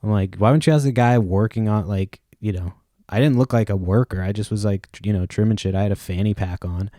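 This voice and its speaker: Podcast host, male, low mellow voice, dry close sound, loose profane rambling delivery. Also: brisk, no room sound. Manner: casual, profane, rambling with many fillers. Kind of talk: rambling solo podcast talk.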